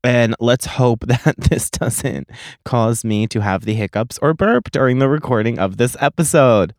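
A young man hosting a solo comedy podcast, telling stories in a profane, sarcastic, animated way. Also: medium pitch, a little slow, no echo, studio quality. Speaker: podcast host.

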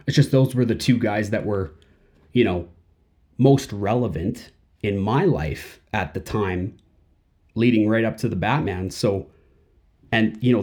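A man's voice: lowish voice, a little mellow. A man hosting a podcast in a casual monologue, rambling and full of fillers. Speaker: podcast host.

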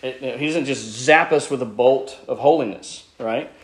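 A man's voice: medium pitch, moderate pace. A man preaching a sermon, teaching through a Bible passage in an earnest, explanatory way with frequent restarts. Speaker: pastor.

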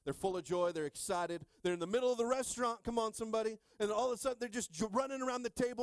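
Middle-aged male pastor, animated call-and-response sermon, slightly high voice, from hushed to shouting. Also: racing, hardly any pauses, clear, resonant tone, dry recording.

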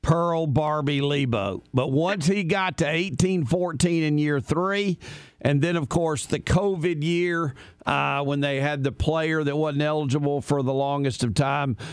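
A man's voice: fairly high pitch, unhurried, smooth, no echo. A man hosting a sports talk radio show, chatting with an opinionated, storytelling manner. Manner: opinionated storyteller, folksy asides.

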